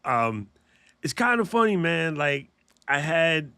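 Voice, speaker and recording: A man's voice: fairly high pitch, big pitch swings, slow pace, gravelly, pushed and bright, no echo, clean studio sound. Joking man hosting a livestream. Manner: joking, laughs often, slangy. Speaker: podcast host. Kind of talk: casual livestream chat.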